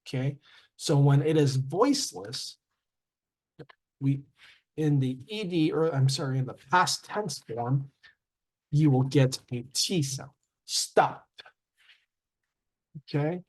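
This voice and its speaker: A man teaching a grammar lesson, halting with fillers and self-corrections and sounding out word endings. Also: mid-range voice, a little mellow. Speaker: English teacher.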